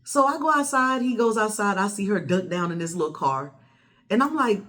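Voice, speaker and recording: A woman, telling a personal story to the camera in a blunt, animated way with plenty of swearing. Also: medium pitch, normal speed. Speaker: vlogger. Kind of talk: casual storytelling.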